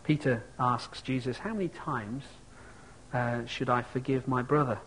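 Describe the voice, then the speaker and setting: A man's voice: mid-range voice, fairly even intonation, unhurried, fairly bright tone, slight background noise, poor audio. A man preaching a sermon, reflective and asking his listeners rhetorical questions.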